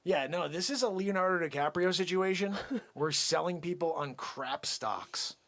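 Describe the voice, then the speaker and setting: A man performing a comic skit rant, mocking and taunting, swinging between loud outbursts and low muttering. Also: moderate pace. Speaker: channel host.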